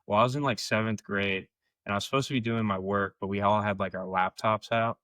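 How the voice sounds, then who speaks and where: A young man with a lowish voice telling rambling gaming stories on a podcast, stacking up "like" and "uh" as he goes. He is recorded close and dry, with no room sound. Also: fairly even intonation, brisk, a bit bright, no room sound. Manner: rambling, filler-heavy storytelling. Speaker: podcast co-host. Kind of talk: casual storytelling chat.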